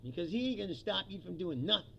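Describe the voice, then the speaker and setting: A man's voice: high-pitched, animated, quick pace, vocal fry, sharp tone, a little hiss or hum, poor audio. A man hosting a livestream, ranting about politics in a profane, mocking way, laughing often and mimicking quotes in a put-on voice. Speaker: livestream host.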